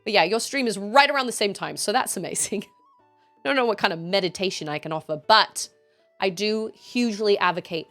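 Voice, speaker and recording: A woman's voice: low-pitched, gravelly, a bit bright. A woman in her thirties streaming a game, chatting casually, reading chat and laughing often. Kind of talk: casual chat while gaming.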